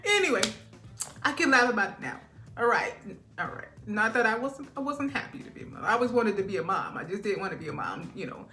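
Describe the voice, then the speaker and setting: A woman giving a casual spiritual reading who laughs often, acts out quotes loudly and keeps asking "all right?". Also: medium pitch, animated, fast, roomy sound. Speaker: tarot reader.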